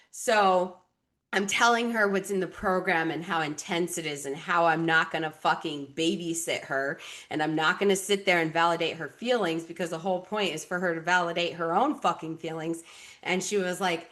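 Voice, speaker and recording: A woman's voice: on the low side, normal speed. Blunt, profane woman coach on a podcast. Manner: blunt, profane, animated storytelling. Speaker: relationship coach and podcast host. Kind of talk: candid podcast conversation.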